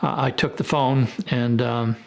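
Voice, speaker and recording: A man's voice: medium pitch, steady tone, unhurried, creaky, a little mellow, poor audio. A man retelling events in a hesitant documentary interview.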